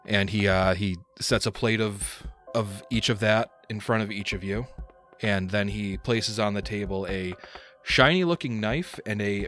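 A man's voice: fairly low pitch, a bit bright. A man narrating as game master in a tabletop game, rambling with many fillers. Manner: rambling, full of fillers and laughs.

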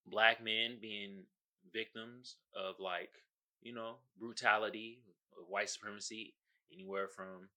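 A man's voice: on the low side, sharp tone. An American man hosting his own podcast, ranting in a mocking, profane way and laughing at his own jokes. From United States. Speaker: podcast host. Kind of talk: solo podcast rant.

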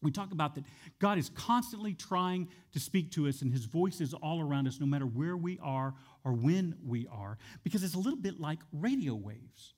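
A man preaching a sermon, animated, repeating phrases with shifting emphasis. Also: fairly high pitch, moderate pace. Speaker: pastor.

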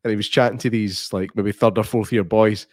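Scottish man, podcast co-host, wry teasing banter, somewhat low voice, dry close sound. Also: fairly even intonation, brisk, darkish tone, dry recording. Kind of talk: casual chat.

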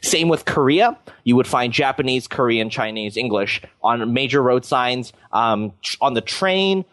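A man's voice: medium pitch, animated, unhurried, fairly bright tone, dry recording. Young canadian guy rambling on a podcast, tons of likes and you knows, dry sound. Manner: rambling, filler-heavy, lots of "like" and "you know". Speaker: podcast host. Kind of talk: casual chat.

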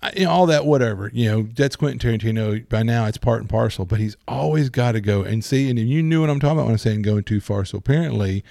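Guy, gravelly, rambling casual movie chat, dry close mic. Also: medium pitch, quick pace, hardly any pauses, no room sound. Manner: rambling, animated storyteller with many restarts.

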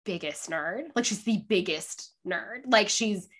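A young woman telling a story in casual chat, animated, full of "like", often laughing and acting out what people said. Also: medium pitch, a little slow. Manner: animated, acts out quotes, laughs often, says "like" a lot.

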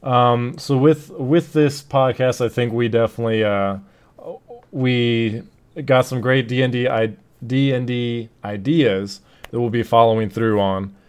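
A man's voice: medium pitch, fairly even intonation, measured pace, clear, resonant tone. A man hosting a casual podcast, talking loosely with many fillers and restarts. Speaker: podcast host. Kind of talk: casual chat.

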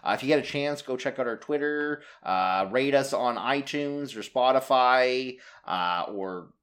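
A man co-hosting a casual podcast, animated, running the segments and sign-off. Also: medium pitch, unhurried. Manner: animated, wraps up the show. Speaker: podcast co-host. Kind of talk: casual chat.

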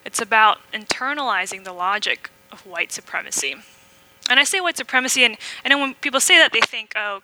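A woman's voice: medium pitch, bright, forceful tone, low-quality recording. A young adult woman from Malaysia, giving a candid, conversational sermon with frequent ums. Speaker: preacher. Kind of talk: personal sermon with slides.

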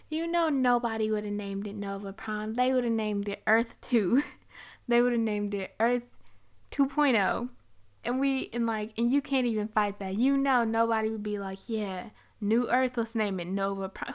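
A young woman giving a casual movie review, chatty and sarcastic, with frequent giggles and rambling asides. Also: on the high side.

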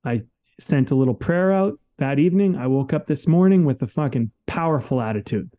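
A man's voice: medium pitch, lively intonation, brisk, dark tone, lo-fi sound. A man co-hosting a podcast in casual conversation, talking candidly and emphatically and swearing freely. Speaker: podcast co-host.

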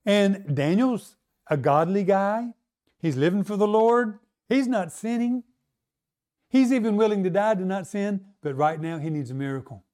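A male pastor preaches a sermon in a high voice. He drives his points home with emphasis and keeps turning to the congregation with questions. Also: normal speed, darkish tone.

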